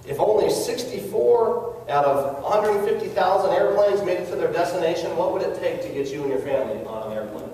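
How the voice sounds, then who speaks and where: A man's voice: high voice, lively intonation, fairly quick, hardly any pauses, dark tone, slight background noise. A man giving a motivational network marketing talk, earnest and coaxing, asking his audience questions. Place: large hall with an audience. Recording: echoey hall recorded from far off.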